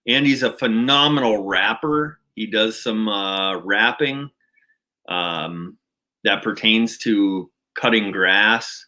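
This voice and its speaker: Minnesotan male host, casual livestream chat, slow and rambling, slightly low voice with a bright tone. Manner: relaxed and rambling, with many fillers and restarts. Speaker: channel host.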